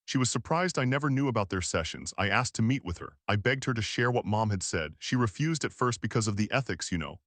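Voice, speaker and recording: A man narrating an audiobook in the first person, calm and measured. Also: on the low side, no echo.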